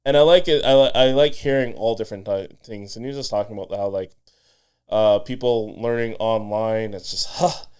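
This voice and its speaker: Podcast host guy, chill chat, smooth clear voice. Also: fairly low pitch, brisk, a little mellow.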